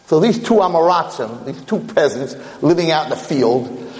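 A male lecturer telling a story in a sermon, animated and acting out its characters. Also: a little high, moderate pace. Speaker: Torah lecturer. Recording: long hall reverb.

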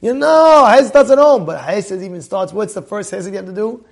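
A rabbi with a notably high voice for a man, teaching in a loose, chatty way. He tells anecdotes and throws questions out to the room, calling on people by name. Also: normal speed, creaky. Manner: conversational, tells stories, quizzes the audience by name. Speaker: rabbi teaching a Torah class. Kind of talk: informal Torah lecture.

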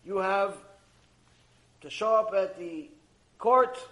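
A man teaching Torah through a story, telling it in an animated way and acting out each character. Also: sits high, takes it slowly, low-quality recording. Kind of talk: storytelling lesson.

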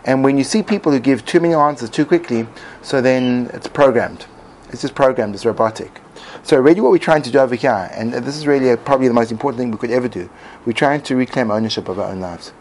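A man's voice: medium pitch, fast, a little mellow, low-quality recording. A man giving a reflective talk as host, musing aloud with frequent restarts. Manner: musing, many restarts and fillers. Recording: faint background noise.

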